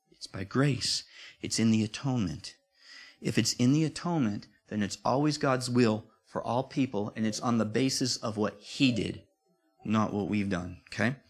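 A man preaching a sermon to his congregation, talking in a conversational, repetitive way. His voice sits in a middle pitch range. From time to time he pushes up into loud, emphatic declarations. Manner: conversational, repeats himself, rises to emphatic peaks.

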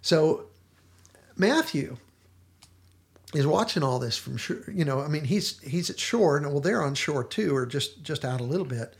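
A man's voice: fairly high pitch, expressive, moderate pace, vocal fry. A male podcast host casually discussing a TV episode, retelling its scenes with lots of restarts and fillers.

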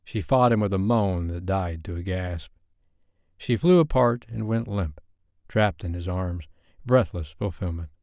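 A man with a deep voice narrates an audiobook in a measured, even storytelling style. The recording is dry, with clean studio sound.

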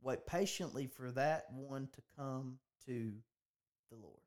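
A man's voice: medium pitch, takes it slowly. A man hosting a podcast, talking in an earnest preaching style, often restarting and repeating his phrases. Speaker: podcast host.

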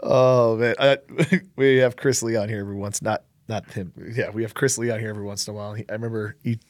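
Dry-sounding, laughing interview host. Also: male voice, fairly low pitch, steady tone, no room sound. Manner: laughs often, quick reactive interjections. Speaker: podcast host. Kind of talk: casual interview.

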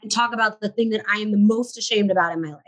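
Talking very fast in a medium-pitched voice, a shop owner in her forties from the United States shares her story frankly as a podcast guest. She voices her old thoughts as quotes, and the recording quality is rough.

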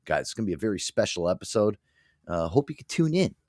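Deep-ish male show host, dry close sound, chatty and rambling. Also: very animated, fast talker, darkish tone, no room sound. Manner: rambling, many fillers and restarts, laughs a lot. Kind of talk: casual chat.

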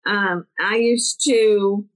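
A middle-aged woman from New Jersey, co-hosting a podcast in casual chat and telling stories with lively acted-out quotes. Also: very slow, low-quality recording. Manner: animated storyteller, acts out quotes with big pitch jumps. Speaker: podcast co-host.

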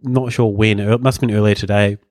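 A man's voice: on the low side, steady tone, a little fast, darkish tone, dry recording, clean studio sound. A man hosting a podcast, telling stories in casual comedic chat and chuckling often. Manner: rambling storyteller, chuckling often. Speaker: podcast host.

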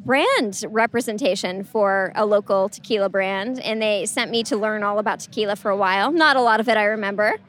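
A woman's voice: medium pitch, a little fast, hardly any pauses, fairly bright tone. A woman guest, an actress, chatting playfully and laughing easily at an outdoor festival. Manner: giggly, playful. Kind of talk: casual interview.

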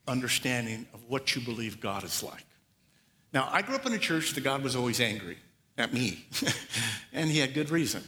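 A man preaching a sermon, telling the story with lively acted-out asides. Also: mid-range voice, long reverb tail. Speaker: pastor.

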